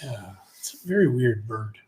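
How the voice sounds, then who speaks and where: A man's voice: medium pitch, expressive, normal speed, dark tone, a little hiss or hum. A middle-aged man co-hosting a livestream, chatting casually and rambling through stories with many restarts. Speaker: co-host of a livestream show. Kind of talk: casual chat.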